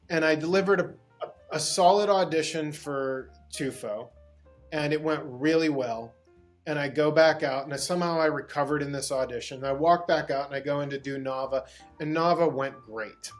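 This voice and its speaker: Animated male actor from Pittsburgh telling stories. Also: fairly high pitch, moderate pace, faint music behind. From Pittsburgh, USA. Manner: animated, rambling with restarts and laughter. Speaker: guest actor. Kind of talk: anecdotal interview storytelling.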